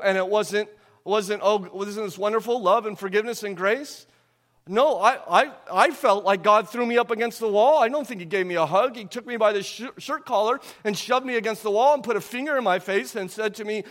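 A man preaching with a high, light voice that rings out through a long hall reverb. He keeps asking his listeners questions and swings from loud, emphatic stretches to near-hushed ones. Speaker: pastor. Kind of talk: sermon.

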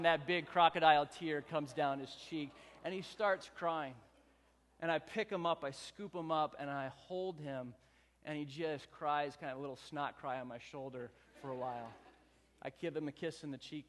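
Casting: male pastor, fairly high voice, earnest and emphatic, big hall reverb. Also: a bit bright. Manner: earnest storytelling, rising emphatic repetition. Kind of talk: sermon.

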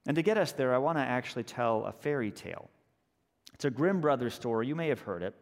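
A man preaching a sermon in a relaxed, conversational way, telling a story and slowing down for emphasis. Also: mid-range voice. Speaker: pastor. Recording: long church reverb.

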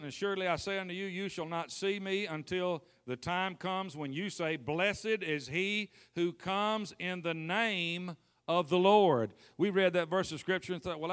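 Man, preaching, high voice, bright tone, animated, calls for responses. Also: smooth. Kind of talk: sermon.

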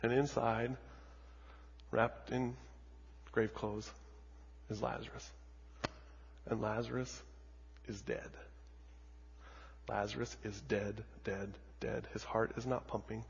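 A husky-voiced male pastor preaching in a church, repeating phrases for emphasis and swinging from near-whispers to loud calls. His voice carries a long hall reverb. The audio is somewhat dull. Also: on the low side, little pitch movement, slow, pauses often. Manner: dramatic storytelling with heavy repetition, swinging from hushed to loud. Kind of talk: sermon.

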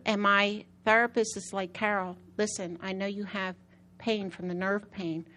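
Sharing her own testimony in a sermon, this woman preacher is a lively storyteller who drives points home by repeating phrases. Her pitch rises high in excited moments, she speaks at a moderate pace, and there's slight background noise.

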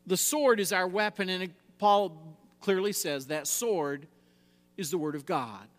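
A man with a high voice delivers a sermon in an emphatic way. He swings from loud, rising exhortation down to quiet, low lines. The sound carries a long hall reverb. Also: expressive, a little slow. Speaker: preacher.

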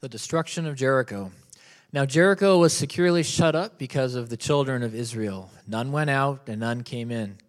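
Man with a mid-pitched voice reading scripture, measured and even. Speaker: congregation member reading scripture.

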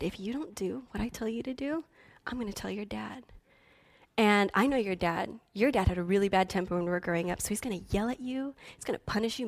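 A woman preaching a sermon, telling a personal story earnestly and building to impassioned declarations. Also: mid-range voice. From Philippines heritage. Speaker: pastor.

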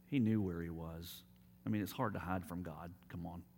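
A man preaching a sermon as pastor, telling stories and dropping to quiet, emphatic appeals. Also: low voice, fairly even intonation, moderate pace, vocal fry, slight background noise.

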